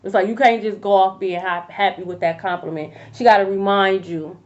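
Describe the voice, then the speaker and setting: A woman's voice: medium pitch, steady tone, brisk. A woman giving a tarot reading in a casual, blunt and profane rant. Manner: blunt, profane, fired-up talk. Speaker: tarot reader. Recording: dull lo-fi audio.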